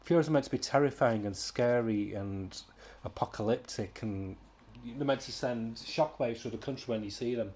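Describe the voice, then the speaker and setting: A man's voice: mid-range voice, normal speed, a little mellow. A British man giving a casual, rambling comic book review, exasperated, with sighs and mocking impressions.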